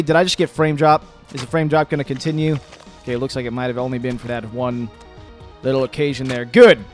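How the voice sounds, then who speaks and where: A young man casually commenting on his own gameplay, often frustrated and swearing, with a slightly phlegmy voice and sudden yells and laughs. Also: fairly high pitch. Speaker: gaming video host. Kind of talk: casual let's-play commentary.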